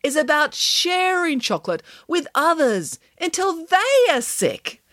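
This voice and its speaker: A woman voicing a boastful, excitable nanny who loves chocolate, making grand theatrical announcements. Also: very high voice, unhurried, dry recording, studio quality, voice pushed up, heavily acted. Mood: proud.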